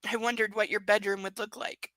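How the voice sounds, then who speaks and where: A controlling, self-assured young man, read aloud by a woman in her own voice. He speaks his lines in a measured, even way. The voice is bright and the sound is dry. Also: mid-range voice, dry recording, lightly acted.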